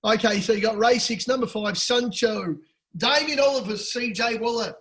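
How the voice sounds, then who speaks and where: Rowdy Australian man with a high voice. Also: normal speed, poor audio. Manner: loud, crude and excitable, swears a lot. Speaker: podcast co-host. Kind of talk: casual betting tips chat.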